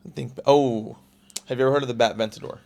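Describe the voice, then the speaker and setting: Brief: young man in his 20s, fast-talking podcast guest, rambling and restarting, plain casual delivery. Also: mid-range voice, fairly even intonation, vocal fry, dark tone. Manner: rapid, rambling, full of "like" and restarts. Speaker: podcast guest, car salesman. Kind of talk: casual storytelling.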